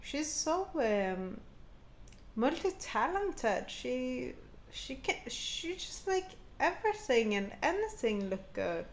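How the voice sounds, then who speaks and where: A woman with a fairly high voice rambles through a mock-serious, sarcastic comic monologue. She talks at an unhurried, drawn-out pace. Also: big pitch swings, a little hiss or hum. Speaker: comedic vlogger. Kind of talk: satirical character monologue.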